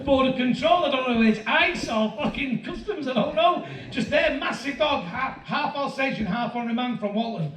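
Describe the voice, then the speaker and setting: A man in his fifties performs a stand-up set, his voice sitting very high and breaking into loud shouts. He is heard from some way off in a roomy venue, with the crowd's laughter rolling in behind him. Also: normal speed, hardly any pauses. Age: 50s. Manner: animated storytelling, loud shouting bursts. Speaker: stand-up comedian. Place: comedy venue with live audience. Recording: roomy live-venue sound from a distance with crowd. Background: audience laughter.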